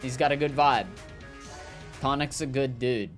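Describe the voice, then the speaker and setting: A man talks loosely over his gameplay, riffing on whatever comes to mind. His delivery is jokey and wandering, full of little fillers and restarts. Quiet game music sits underneath. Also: medium pitch, unhurried. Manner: rambling, jokey, lots of fillers. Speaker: gaming streamer. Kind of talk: casual gameplay commentary, reading chat.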